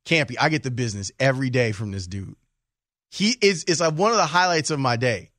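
A man's voice: mid-range voice, animated, brisk, a bit bright, dry recording, clean studio sound. A man hosting a sports radio show, telling stories in a jokey, self-mocking way. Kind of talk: casual sports radio chat. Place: radio studio.

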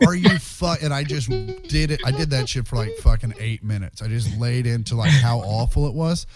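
A man, a stand-up comedian, telling road stories in a casual chat. He is profane and animated and acts out the quotes. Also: medium pitch, normal speed, music in the background.

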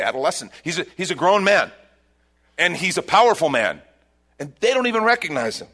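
Animated male pastor telling a story. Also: fairly high pitch. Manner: storytelling, rising to emphatic bursts. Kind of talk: sermon.

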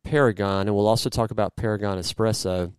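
A man's voice: lowish voice, fairly even intonation, fast talker, clean tone, no room sound. A man hosting a casual podcast, joking around and rambling a bit as he searches for his words. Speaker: podcast host. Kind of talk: casual podcast chat and interview.

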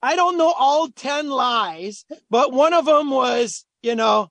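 Animated man telling hockey stories. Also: extremely high pitch, takes it slowly, vocal fry, few pauses, no room sound. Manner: animated, chatty, acts out quotes. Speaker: former pro hockey player, guest. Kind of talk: storytelling. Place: golf charity event.

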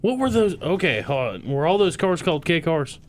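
A man's voice: a little high, very animated, brisk, a crowd in the background. A man in casual chat about old cars who asks questions and shares memories.

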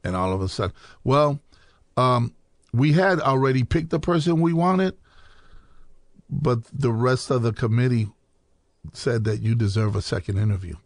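A man's voice: mid-range voice, lively intonation, moderate pace, pauses often, no room sound, clean studio sound. A man from Chicago, a podcast guest telling his life story in casual talk, acting out quoted dialogue as he goes.

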